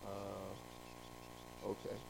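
A man voicing a bewildered male small-plane pilot who answers in slow, quiet, hesitant words. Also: on the high side, very animated, background noise.

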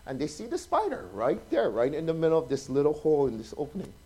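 A male preacher with a notably high voice gives a relaxed, conversational sermon. He tells stories with lively energy, acts out the people in them and keeps asking his listeners questions. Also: quick pace, slightly rough. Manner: chatty, animated, acts out quotes, asks the audience questions. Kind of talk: informal sermon storytelling.

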